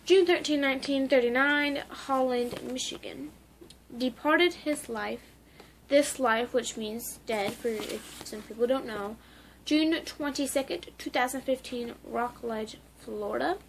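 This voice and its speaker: High-voiced rambling young woman vlogger. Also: a little slow, a little hiss or hum. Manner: rambling, full of "like" and restarts. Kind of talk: casual memorial vlog.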